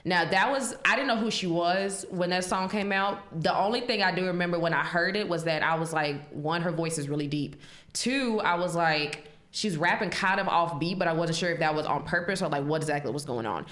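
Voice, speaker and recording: Lively woman podcast host in an echoey room. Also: fairly low pitch, fairly quick. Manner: animated, laughs often, swears casually. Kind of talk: casual chat.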